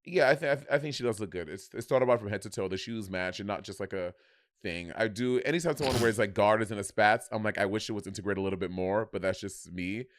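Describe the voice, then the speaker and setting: A man's voice: on the low side, fast, no echo, studio quality. Chatty, sassy man co-host. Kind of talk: casual chat.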